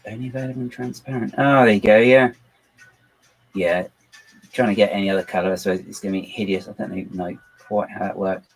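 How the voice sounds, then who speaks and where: A man's voice: lowish voice, fairly even intonation, a little fast, slightly rough, poor audio. A man hosting a casual livestream from home, rambling and poking fun at himself as he builds on his computer. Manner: rambling, self-deprecating, talks to himself and his dog. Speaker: channel host building models on a computer.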